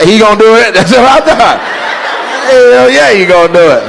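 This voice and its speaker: A man doing stand-up crowd work on a club stage, loud, slangy and laughing as he talks into a handheld mic. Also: high voice, animated, moderate pace, vocal fry, background noise. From Midwest United States. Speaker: stand-up comedian. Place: comedy club stage before a live audience.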